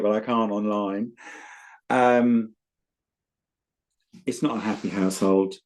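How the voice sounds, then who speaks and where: A man's voice: fairly low pitch, darkish tone. A man with a British accent, a tarot reader guest chatting casually, telling stories in a blunt, earthy way and reading cards.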